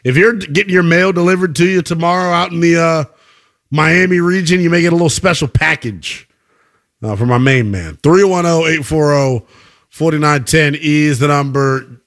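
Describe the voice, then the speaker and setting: A man's voice: a little high, moderate pace, a bit bright. A male sports radio host taking calls, bantering in a casual, slangy way.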